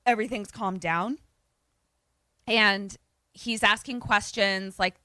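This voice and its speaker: Bright-voiced woman recapping a movie. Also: medium pitch, a little slow, no room sound, clean studio sound. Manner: animated storytelling with quoted voices, frequent swearing. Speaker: podcast co-host. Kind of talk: casual movie recap chat.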